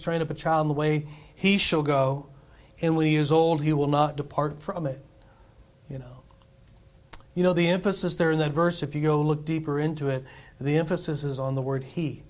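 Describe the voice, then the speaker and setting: A middle-aged man preaching a sermon in a church, talking with the congregation in a conversational way and asking them questions. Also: on the high side. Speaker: pastor. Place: church sanctuary.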